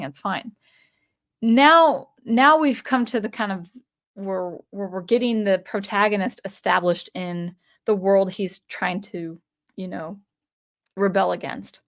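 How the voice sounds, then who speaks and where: A woman hosting her own livestream, chatting casually in a rambling way with many restarts and repeated words. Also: mid-range voice. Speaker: channel host.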